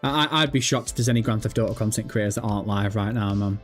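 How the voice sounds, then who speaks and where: A young man hosting a live stream, chatting casually and excitedly, swearing often and nervous. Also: on the low side, fast talker, soft background music. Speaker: livestream host.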